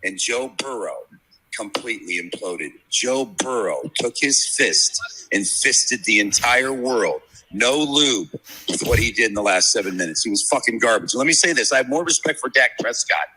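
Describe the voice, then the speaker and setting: Brief: profane fifties sports bettor, bright forceful voice with husky grit, rambling yarns. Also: male voice, on the low side, poor audio. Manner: brash, profane, rambling storyteller. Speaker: sports handicapper guest. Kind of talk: casual podcast chat, storytelling. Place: media row at a sports event.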